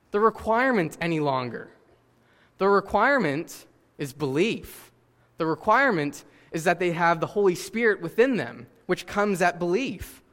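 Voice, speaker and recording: A man's voice: sits high, a bit bright, long reverb tail. A man preaching a sermon in a conversational way, with casual fillers and questions put to the listeners. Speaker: pastor.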